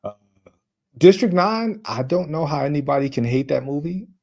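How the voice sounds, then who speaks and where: A man's voice: medium pitch, fast, a little mellow. A man from New York co-hosting a casual movie talk show, rambling with many restarts and filler words. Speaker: co-host. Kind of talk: casual chat.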